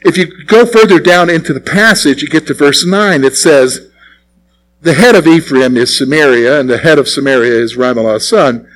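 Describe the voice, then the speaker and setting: A man's voice: a little high, normal speed, low-quality recording. A male pastor preaching a conversational sermon, often asking the congregation questions.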